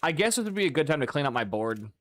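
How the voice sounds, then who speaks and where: A young man giving casual, excitable gameplay commentary, swearing and breaking into loud outbursts. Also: on the high side, fast talker, no echo. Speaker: gaming YouTuber.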